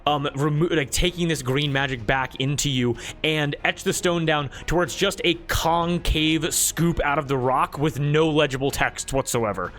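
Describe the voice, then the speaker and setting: A man running a tabletop game as game master, thinking aloud and halting with many fillers. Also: fairly high pitch, fairly even intonation, fairly bright tone, faint music behind.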